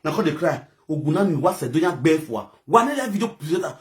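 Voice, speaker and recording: A man with a Nigerian accent, from Edo State, delivering an angry, scolding monologue that breaks into shouting. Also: a little high, big pitch swings, quick pace. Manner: heated, scolding, bursts into shouting. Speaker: social media commentator.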